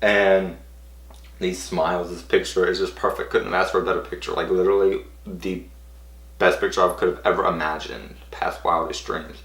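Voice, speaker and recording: A man's voice: low voice, little pitch movement, moderate pace, creaky, a bit bright. A man eagerly retelling a personal story to camera, rambling and full of "like". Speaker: vlogger. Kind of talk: casual storytelling. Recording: roomy echo.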